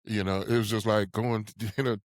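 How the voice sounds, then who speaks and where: A man's voice: fairly low pitch, moderate pace, dry recording, clean studio sound. A man in his sixties from Ohio, a podcast guest telling stories conversationally and chuckling often. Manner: animated storyteller who chuckles often. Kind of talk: conversational storytelling.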